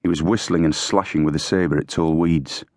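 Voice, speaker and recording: A man narrating an audiobook in a steady, measured reading. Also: extremely low pitch, no echo, clean studio sound. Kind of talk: scripted narration.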